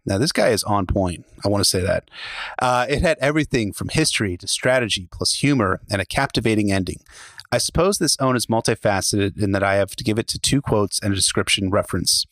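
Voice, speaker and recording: Man, lowish voice, upbeat podcast co-host reading listener mail, dry sound. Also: brisk, a bit bright, no echo. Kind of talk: casual podcast chat, reading listener messages.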